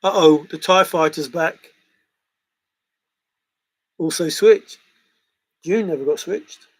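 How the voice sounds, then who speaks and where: Reading his chat aloud, a livestream host rambles through casual conversation and laughs at what viewers write. He has a voice on the high side and takes his time speaking, though the recording is of poor quality.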